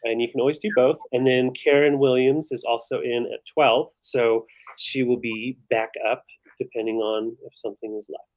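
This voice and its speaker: A man's voice: medium pitch, steady tone, moderate pace, rough recording. A man co-hosting a live vintage sale, easygoing as he counts down and tracks the bidders. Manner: easygoing, runs bids and counts down. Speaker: live sale co-host, auctioneer. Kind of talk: live-stream auction chat.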